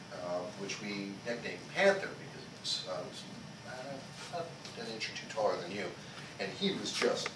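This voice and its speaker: A male martial arts instructor teaching a small class. His pitch swings widely as he asks questions and tags "okay?" onto his points. He is picked up by a distant mic in an echoey training hall, with clear background noise. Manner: repeats "okay?" after nearly every sentence; asks the class questions and leads group chants. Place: karate school training hall.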